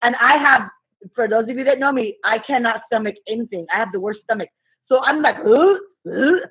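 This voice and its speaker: A woman who works as a substitute teacher, telling a story in casual chat, animated and swearing freely while acting out what people said. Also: on the high side, brisk, breathy edge. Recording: muffled phone-like sound.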